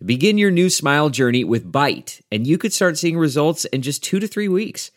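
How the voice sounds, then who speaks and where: A man's voice: on the high side, big pitch swings, moderate pace. A man reading a scripted ad in an upbeat, persuasive way. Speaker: ad reader. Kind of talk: scripted ad read.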